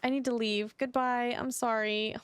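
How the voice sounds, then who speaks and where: A woman's voice: fairly high pitch, steady tone, moderate pace, smooth, lightly acted. A woman reading the lines of a shy caped customer who speaks hesitantly and keeps apologizing. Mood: timid. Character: timid awkward caped customer.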